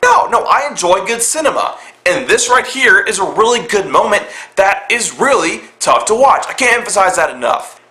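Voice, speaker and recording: A young man casually reviewing a film, excitable and profane, retelling scenes with mock voices. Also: high voice, normal speed, hardly any pauses, reverberant. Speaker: movie reviewer.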